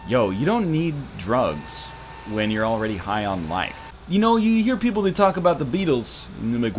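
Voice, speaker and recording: A man's voice: medium pitch, very animated, moderate pace, slight background noise. A man giving casual, jokey commentary while playing a video game, drifting off into rambling tangents. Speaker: let's play host.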